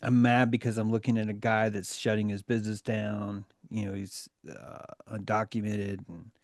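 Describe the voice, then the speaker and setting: A man's voice: on the low side, level tone, moderate pace, a little mellow, no room sound, clean studio sound. A man in a casual group discussion, ranting in an exasperated and profane way.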